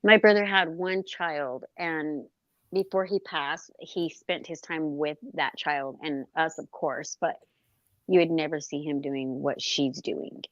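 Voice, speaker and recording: A woman with a lowish voice speaks bluntly and with emphasis as a guest on a live stream. Her audio is dry and dull, like a lo-fi call line. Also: steady tone, takes it slowly, dry recording. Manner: blunt and emphatic, often agrees with short "right". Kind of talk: casual live-stream chat.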